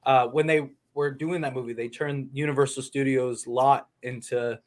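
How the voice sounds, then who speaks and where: A man's voice: mid-range voice, little pitch movement, normal speed. A man from California in a casual panel chat, rambling with fillers as he talks. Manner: rambling, many fillers and restarts.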